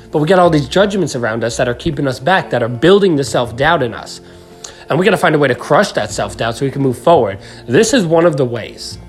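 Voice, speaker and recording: A man hosting a podcast, giving an earnest self-help talk and coaching the listener straight through a breathing exercise. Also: a little high. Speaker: podcast host.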